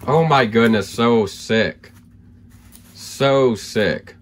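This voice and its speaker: A man opening trading card packs on camera, excitable and hyped, thinking aloud as he goes and losing his voice. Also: medium pitch, drawn-out words. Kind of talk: excited pack-opening vlog.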